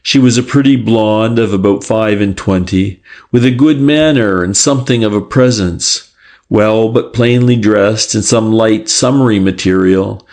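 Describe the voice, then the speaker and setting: A fairly low-pitched male voice reads an audiobook script, telling the story at an even, measured pace.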